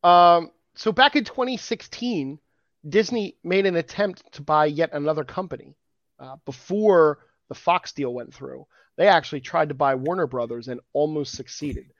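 Reading out rankings and news items with plenty of jokes, a man co-hosts a casual geek news podcast alongside a partner. His pitch is on the high side and his speed normal, with no room sound and a dull, lo-fi recording quality.

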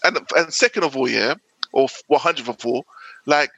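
A man's voice: mid-range voice, a little fast, vocal fry, pushed and bright, breathy edge, no room sound, highs cut off. A young man, a podcast co-host, ranting emphatically and repeating himself in heated casual chat.

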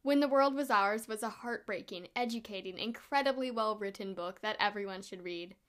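A woman reviewing a book with a bright, enthusiastic, expressive delivery, hosting her own show. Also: medium pitch, brisk.

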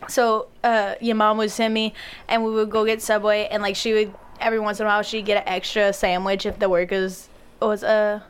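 A woman's voice: mid-range voice, little pitch movement, brisk, clear, resonant tone. A woman, chatting casually as a podcast co-host, laughing often and swearing freely. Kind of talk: casual chat.

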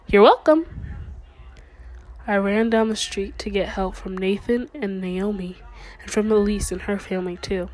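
A young woman reading her own first-person short story aloud with a quiet, slowed, dramatic delivery. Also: medium pitch, rough recording.

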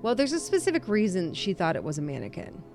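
A woman's voice: medium pitch, huge pitch swings, fast talker, music in the background. A woman co-hosting a casual true-crime podcast, chatty and self-deprecating, laughing often. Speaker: podcast co-host.

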